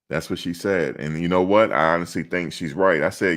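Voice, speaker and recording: A man hosting casual sports talk, rambling and animated, often quoting others in his own voice. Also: sits low, brisk, few pauses. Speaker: sports commentary host.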